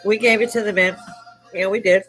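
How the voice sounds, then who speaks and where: A woman's voice: mid-range voice, steady tone, fairly quick, fairly bright tone, faint music behind, rough recording. An older woman from Chicago hosting a casual live stream chat, salty and profane, laughing often between stories. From Chicago, United States. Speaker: live stream host, army veteran.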